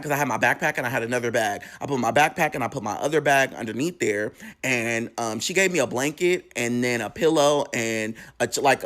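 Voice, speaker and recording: A man's voice: medium pitch, fairly bright tone. A man casually telling a personal story to camera, candid and profane, acting out the dialogue as he goes. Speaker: storytime vlogger.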